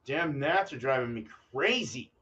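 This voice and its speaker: A casual homebrewer man talks through his choices, distracted and swearing now and then as he thinks aloud. He sits a bit back from a dull, lo-fi microphone. His voice is middle-pitched. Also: expressive, a little slow, pushed and bright. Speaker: homebrewer and channel host. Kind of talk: casual rambling vlog talk. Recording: dull lo-fi audio from a distance.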